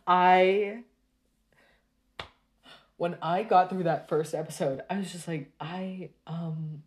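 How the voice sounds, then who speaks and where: Low, mellow-voiced woman ranting casually. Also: fairly even intonation. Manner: rambling, exasperated, with halting restarts. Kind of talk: casual rant to camera.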